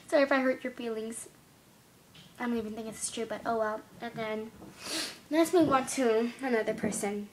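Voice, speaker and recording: A woman's voice: a little high, normal speed, a little mellow, a little hiss or hum. A girl vlogging casually, rambling and giggling as she talks about her classmates. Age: young girl. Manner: chatty, giggly, rambling with restarts. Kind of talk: casual chat to camera.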